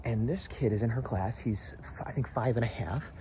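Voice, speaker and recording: A man's voice: medium pitch, moderate pace, slight background noise. A man chatting casually in a vlog, rambling as he tells stories outside his house at dusk. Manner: rambling, animated storytelling with mimicked voices. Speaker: vlogger. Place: outdoors in front of a house at dusk.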